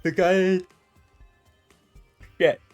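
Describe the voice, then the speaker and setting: A man's voice: sits high, little pitch movement, very slow, soft background music. A young man in casual chat who talks hesitantly, trailing off while searching for words.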